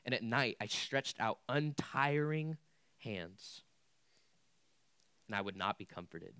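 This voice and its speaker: A man's voice: medium pitch, expressive, slow pace, bright, forceful tone, clean tone, no room sound. A young man preaching a casual youth sermon, candid and conversational with lots of filler words. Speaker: youth pastor.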